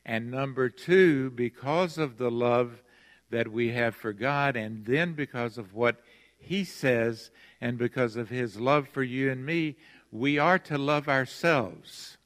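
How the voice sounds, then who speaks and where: An older man delivers a sermon to a congregation, earnest and emphatic, slowing to lean on his key words. His voice sits at an ordinary middle pitch. The sound rings with the long reverb of a large church sanctuary. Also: fairly bright tone. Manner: earnest, emphatic, with slow stressed phrases. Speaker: pastor.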